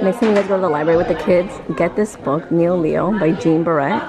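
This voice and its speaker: A woman in her thirties talking casually to camera in a family vlog, chatty and animated, slipping into Spanish at times. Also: fairly low pitch, brisk, hardly any pauses, over loud music, a loud crowd. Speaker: family vlogger.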